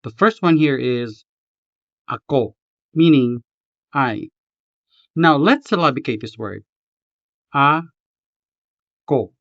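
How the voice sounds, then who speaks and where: A man teaching a language lesson, reading a script slowly and carefully, spelling out each syllable. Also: mid-range voice, lively intonation, vocal fry, a bit bright, no echo, dull audio. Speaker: language tutor.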